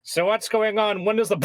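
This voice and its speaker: A man's voice: high voice, vocal fry, slight background noise. A man playing a tabletop role-playing game, joking and slipping into character. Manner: playful, goofs around in character. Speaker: player. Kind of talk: casual tabletop role-play.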